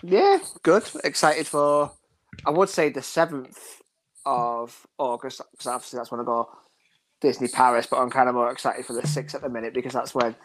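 A man's voice: medium pitch, normal speed. A man co-hosting a podcast, rambling enthusiastically and giggling through casual chat. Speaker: podcast co-host.

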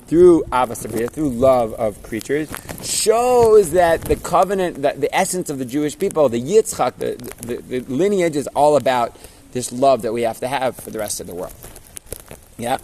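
A man of ordinary pitch tells stories in a Torah class, loose and chatty, often checking that his listeners follow and slipping in Hebrew and Yiddish words. He is recorded outdoors, with a clear layer of steady noise behind him. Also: normal speed. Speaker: Torah teacher.

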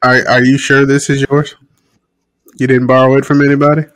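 A man's voice: mid-range voice, little pitch movement, brisk, fairly bright tone. A man hosting a podcast, cracking crude jokes and laughing often. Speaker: podcast host. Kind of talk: casual podcast banter.

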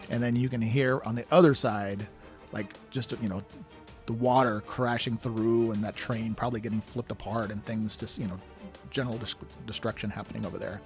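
A man's voice: on the low side, steady tone, fairly quick, faint music behind. A man narrating a tabletop game as game master, in a loose, rambling way with fillers.

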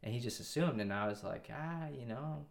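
The guest, a man in his twenties, has a gravelly mid-range voice with lively intonation and normal pacing. In this casual interview he tells a long, wandering story, frequently restarting and slipping in quoted dialogue.

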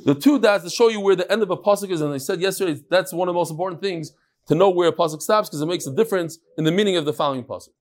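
A man's voice: sits high, racing, a little mellow. A man teaching a casual study-group class, chanting lines and then explaining them with restarts and joking asides. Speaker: Talmud teacher.

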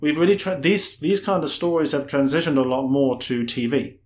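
A man's voice: a little high, brisk. Man, film podcast co-host, casual chat, rambling, wry, self-correcting.

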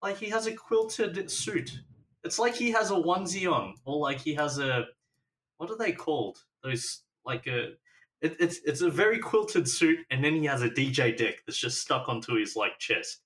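A man's voice: on the high side, animated, moderate pace, a bit bright, recorded from a distance. A man co-hosting a casual podcast, rambling and hesitant with many restarts. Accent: non-American. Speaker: podcast co-host. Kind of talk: casual chat.

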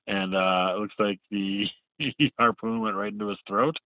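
A man's voice: fairly low pitch, moderate pace, no echo. A man hosting a podcast, recapping a video in a rambling, laughing way, heard over a tinny phone-like line. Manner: rambling, laughing, full of fillers. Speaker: podcast host.

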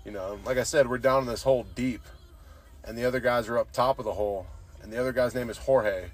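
A man's voice: medium pitch, fairly even intonation, fast. A young man hosting a podcast, telling rambling, profane stories and saying "dude" constantly. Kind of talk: casual storytelling chat.

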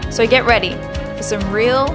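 A woman's voice: fairly high pitch, moderate pace. A woman host reading an eager, upbeat scripted podcast intro. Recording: music playing under the voice.

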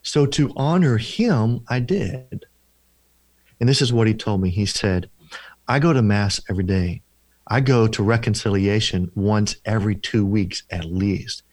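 A man telling a personal ministry story in an interview, earnest and slowing down for emphasis as he acts out the dialogue. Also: lowish voice, dry recording. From former Protestant, now Catholic. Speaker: deliverance minister, guest.

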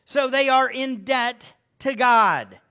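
A man's voice: very high-pitched, slow pace, bright, forceful tone, clean tone. A middle-aged male pastor preaching a sermon, asking the congregation rhetorical questions.

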